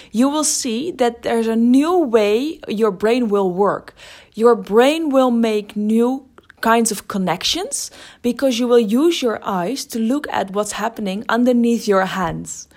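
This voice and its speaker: A woman's voice: a little high, darkish tone. A middle-aged woman hosting a podcast as a creativity teacher, talking thoughtfully and often restarting her sentences. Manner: thoughtful, with frequent restarts and fillers. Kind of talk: casual spoken monologue.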